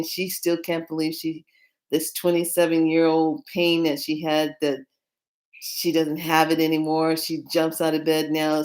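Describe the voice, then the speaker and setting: A woman with a notably low speaking voice talks casually to the camera. She works as a tarot card reader and tells her stories in a chatty, animated way, retelling her conversations with clients.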